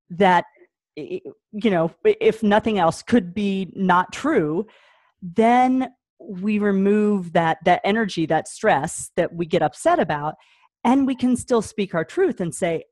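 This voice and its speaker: A woman's voice: medium pitch, animated, measured pace, a little mellow, dry recording. A woman hosting an interview as a parent coach, affirming her guest and reflecting her points back thoughtfully. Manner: affirming, frequent mm-hmms, thoughtful restarts.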